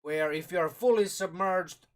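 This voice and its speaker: A man's voice: high-pitched, moderate pace. A man casually reviewing a game sourcebook on a live stream, rambling and thinking aloud with restarts, talking through a mouthful of food. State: eating while talking, mouth full.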